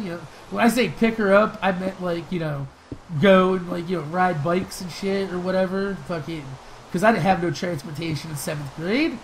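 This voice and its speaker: A man's voice: high voice, moderate pace, slight background noise, poor audio. Profane young man chatting over gameplay. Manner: loose, profane storytelling with frequent laughs and fillers; bursts into excited shouting during fights. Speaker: gaming channel host. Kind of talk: casual gameplay commentary with viewer Q&A.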